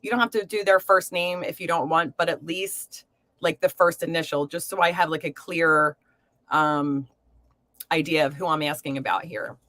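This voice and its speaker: A woman's voice: low voice, fairly even intonation, normal speed. Chatty woman doing a tarot livestream. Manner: chatty, warm to viewers, filler-heavy. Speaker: tarot reader hosting a live stream. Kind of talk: casual live-stream chat.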